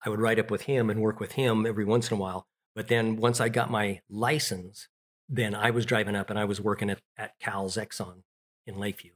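A man's voice: on the low side, flat delivery, fairly quick. A middle-aged man telling childhood stories in an interview, rambling with restarts and fillers. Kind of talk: casual storytelling.

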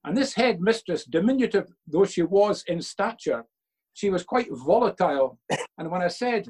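A man's voice: high-pitched, expressive, normal speed, a little mellow, husky, poor audio. An older man, a father being interviewed by his son for a church video, telling earnest stories and quoting himself with emphasis.

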